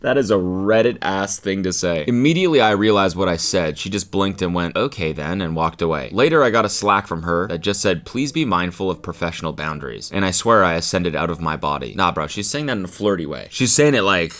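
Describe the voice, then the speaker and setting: A man with a fairly low voice that swings up and down a lot hosts a comedy reaction show. He reads confessions aloud and then mocks them in a crude, teasing, jokey way. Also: lively intonation, fairly quick, hardly any pauses, fairly bright tone. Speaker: comedy host reading online confessions.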